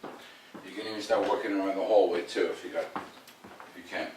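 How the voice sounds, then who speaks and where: A man's voice: low-pitched, steady tone, moderate pace. Direct, joking man training owners. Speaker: dog trainer. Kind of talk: coaching dog owners at home. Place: home, indoors. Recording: roomy, distant, faint background noise.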